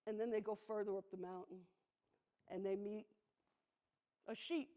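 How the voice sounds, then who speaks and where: A woman, performing a personal storytelling monologue on a theatre stage, intimate and emphatic, slowing down on heavy moments. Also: fairly high pitch, fairly even intonation, dark tone. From the Bronx, New York. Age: 60s. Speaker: solo performer.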